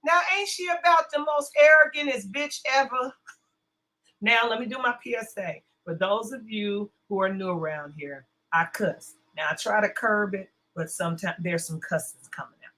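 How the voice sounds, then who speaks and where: On a casual commentary livestream, a woman greets viewers and chats bluntly, cussing freely while her sore throat strains her voice. She has a mid-range, sharp-toned voice and speaks at a moderate pace. The recording sounds rough.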